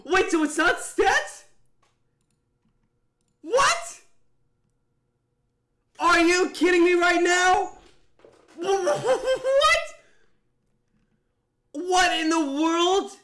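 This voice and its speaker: A young man commentating live on an online mafia game he is playing, excitable and full of disbelief, thinking out loud. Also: extremely high pitch, very slow, pauses often.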